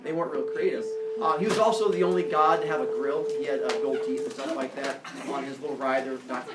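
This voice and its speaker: A man's voice: medium pitch, fast, very noisy. A man teaching a class, lecturing in a playful, joking way. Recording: echoey classroom from far off.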